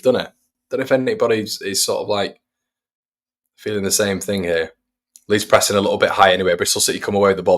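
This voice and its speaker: A man hosts a fan stream and talks the match through play by play. His voice sits on the low side, and he keeps his tone relaxed and chatty. He breaks off the commentary to answer viewers. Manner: chatty, reads out viewers' messages between play-by-play. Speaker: fan channel host. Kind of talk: live watch-along match commentary.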